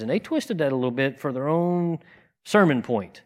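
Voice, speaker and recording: A man's voice: medium pitch, animated, a little fast. A man giving a conversational sermon, earnest and plain-spoken, asking rhetorical questions and often restarting his sentences. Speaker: teacher in a congregation.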